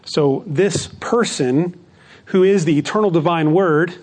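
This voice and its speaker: A man's voice: a little high, a little slow, a little mellow. A man preaching a sermon, earnest and often asking rhetorical questions for agreement. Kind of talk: sermon or Bible teaching.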